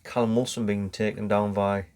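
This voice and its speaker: A man's voice: lowish voice, flat delivery, moderate pace, darkish tone, clear, resonant tone. A man co-hosting a casual football podcast, explaining things step by step and swearing casually. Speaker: podcast co-host.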